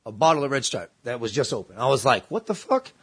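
A man's voice: medium pitch, fast talker, husky. A man telling a long, profane, slangy story in casual chat, acting out the voices of the people in it.

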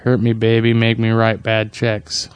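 A man's voice: on the low side, monotone, a little slow, smooth. A man co-hosting a casual podcast, rambling with curious questions and reading out trivia. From US Northwest. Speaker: podcast co-host. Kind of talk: casual chat.

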